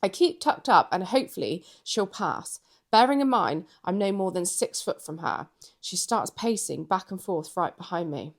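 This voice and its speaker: A woman co-hosting a podcast, telling stories in a lively, giggly casual chat. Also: fairly low pitch, moderate pace. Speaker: podcast co-host.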